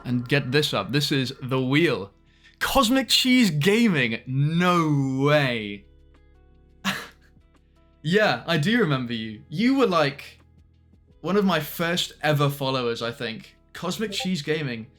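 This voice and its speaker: A man's voice: fairly high pitch, animated, measured pace, a bit bright, faint music behind. Chatty British streamer guy. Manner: chatty, greets viewers by name, laughs often, trails off mid-sentence. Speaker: live streamer. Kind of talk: casual live-stream chat.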